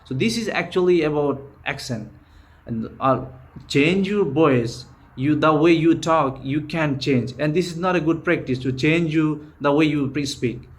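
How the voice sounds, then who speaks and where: Bangladeshi man with a fairly high voice. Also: measured pace. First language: Bengali. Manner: earnest, repetitive, frequent restarts. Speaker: English teacher. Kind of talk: informal spoken-English lesson.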